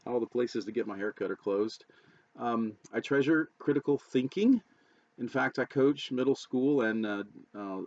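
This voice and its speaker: A man, a debate coach from the United States, talking casually to camera with many fillers and restarts and little laughs. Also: medium pitch. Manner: chatty, lots of fillers and restarts, self-deprecating laughs. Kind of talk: casual educational talk to camera. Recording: dull lo-fi audio.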